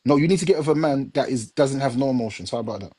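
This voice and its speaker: A man with a Jamaican accent holds forth on a live talk stream. His voice is mellow and husky, and he lectures emphatically, circling back to repeat each point. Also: mid-range voice, racing. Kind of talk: casual chat.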